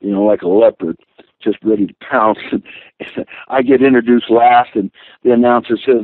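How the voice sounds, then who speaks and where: An older man, a guest and former wrestler, telling rambling, animated stories with many restarts. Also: mid-range voice, moderate pace, dry recording. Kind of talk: storytelling interview. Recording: tinny phone line.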